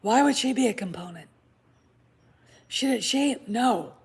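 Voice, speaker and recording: A woman's voice: on the high side, expressive, slow, gravelly, darkish tone, breathy edge. A woman hosting a casual vlog, speaking bluntly with profanity and conspiratorial asides, at home. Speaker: channel host. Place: home with a puppy nearby.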